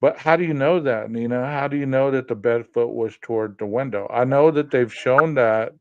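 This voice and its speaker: A man hosting a live podcast stream, thinking aloud slowly and reading viewer comments. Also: medium pitch, clear, resonant tone, dry recording, highs cut off. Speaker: podcast host. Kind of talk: live-stream chat over a floor plan.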